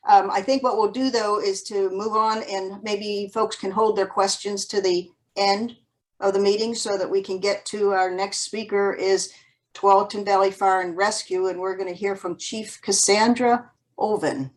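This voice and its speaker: A woman's voice: mid-range voice, steady tone, moderate pace, low-quality recording. A woman moderating a virtual community meeting, friendly and keeping speakers on time, over a video call.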